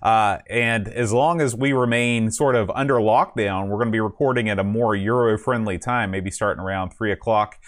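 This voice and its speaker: A man's voice: normal speed, hardly any pauses. A man hosting a casual podcast, rambling and self-mocking as he thanks supporters. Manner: rambling and self-mocking, sings patron names in a high put-on voice. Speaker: podcast host. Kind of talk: casual podcast chat, singing a list of names.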